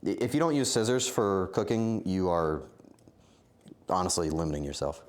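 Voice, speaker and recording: A man cooks in his home kitchen while live-streaming, chatting with viewers in a rambling, self-mocking way punctuated by bursts of mock outrage. His voice is deep and expressive, at a moderate pace.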